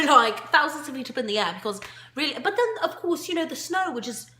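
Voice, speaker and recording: A woman's voice: sits high, big pitch swings, a little fast. A woman from Scotland co-hosting a casual chat show, talking in a chatty way that trails off and restarts. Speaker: co-host. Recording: roomy echo, faint noise.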